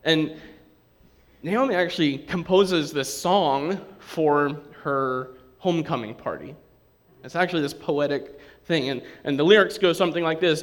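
A man preaching a sermon with a slightly higher voice. He talks in a lively, conversational way and acts out the quotes he reads. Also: unhurried. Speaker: pastor.

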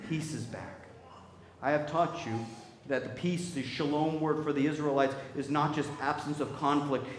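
A man preaching a sermon in an animated, conversational way, swinging between loud bursts and quiet asides and checking in with his listeners. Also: fairly high pitch, moderate pace, roomy sound, slight background noise. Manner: conversational, checks in with "right?" and "okay?". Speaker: pastor.

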